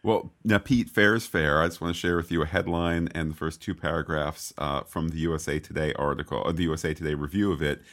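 Very deep-voiced animated man. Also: fast, hardly any pauses. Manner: animated, exclaiming, reads quotes aloud. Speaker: podcast co-host. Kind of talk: casual chat.

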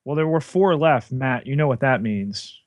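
A man co-hosting a podcast, walking through a TV episode scene by scene in relaxed, casual chat. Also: mid-range voice, no echo. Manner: unhurried, walks through scenes step by step. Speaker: podcast co-host.

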